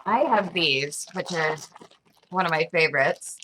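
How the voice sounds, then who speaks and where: A woman with a lowish, bright voice hosts a casual livestream, chatty and playful, giggling as she talks. She keeps the conversation moving easily. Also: lively intonation, a little slow, a little hiss or hum, poor audio. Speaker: host.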